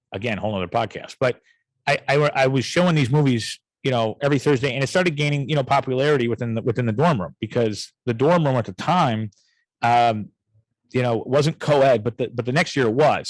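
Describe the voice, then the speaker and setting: A man from the suburbs, spinning a loose, profane podcast story packed with "you know" asides. His voice sits at an ordinary middle pitch. The sound is dry and close, with no room around it. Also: fast talker, dry recording, rough recording. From south suburbs of Chicago, USA. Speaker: podcast host. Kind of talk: casual storytelling rant.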